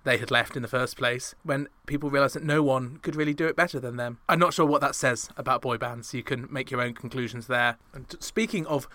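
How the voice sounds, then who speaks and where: A man's voice: medium pitch, brisk, few pauses, bright, forceful tone, dry recording. A man hosting a pop music podcast, giving chatty scripted commentary with wry, sarcastic asides. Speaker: podcast host.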